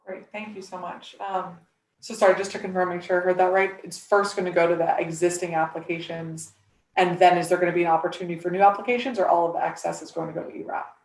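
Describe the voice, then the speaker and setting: A woman chairing a hearing over a video call, brisk and courteous as she confirms answers. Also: fairly low pitch, fairly even intonation. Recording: echoey room, far from mic.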